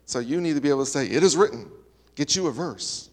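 A man imitating a blunt, folksy preacher with a Southern US accent, speaking in quick, clipped phrases. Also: a little high, expressive, voice pushed down. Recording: reverberant hall.

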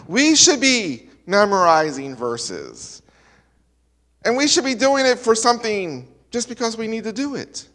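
A man's voice: sits high, big pitch swings, unhurried, fairly bright tone. A man preaching a sermon as pastor, emphatic and building his points with repeated parallel lines. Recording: reverberant hall.

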